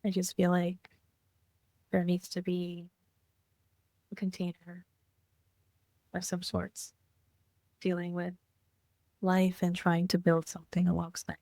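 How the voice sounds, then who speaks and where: A woman co-hosting a podcast, speaking softly and reflectively in casual heartfelt chat. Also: on the low side, monotone, takes it slowly, long pauses, no echo. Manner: reflective, soft-spoken, many fillers. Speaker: podcast co-host.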